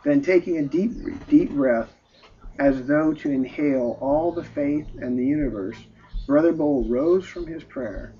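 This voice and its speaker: A man's voice: a little high, measured pace. A man narrating a story in an emotive, sighing storytelling manner. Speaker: story reader. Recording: dull lo-fi recording.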